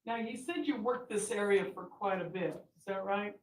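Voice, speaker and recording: A woman attorney questioning a witness in a courtroom, asking deliberate, leading questions. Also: mid-range voice. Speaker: defense attorney. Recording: echoey courtroom audio from far mic.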